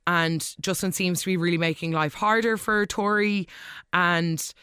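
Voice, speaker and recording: Recap vlogger: chatty, animated, mid-pitched voice, dry close recording. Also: clean tone, no echo. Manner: animated, gushing, quick asides. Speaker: soap opera recap host. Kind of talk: casual episode recap.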